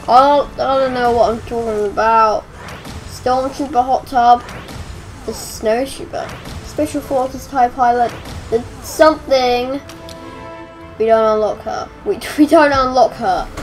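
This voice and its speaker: A young woman casually commenting on her gameplay in an excitable, chatty way. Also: a little high, low-quality recording. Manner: excitable, chatty, exclaiming at the action. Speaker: let's play gamer. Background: game music.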